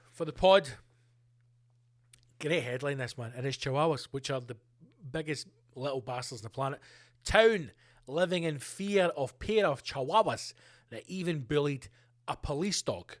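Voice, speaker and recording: A man's voice: fairly high pitch, lively intonation, unhurried, pauses often. Sweary man ranting on his podcast. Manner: sweary, ranting, jumps between tangents. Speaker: podcast host. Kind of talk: solo podcast rant.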